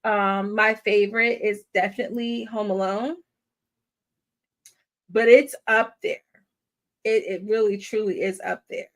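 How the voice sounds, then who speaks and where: A woman's voice: mid-range voice, fairly even intonation, a little slow, long pauses. A woman hosting a movie watch-party live stream, chatting casually and effusively and laughing often.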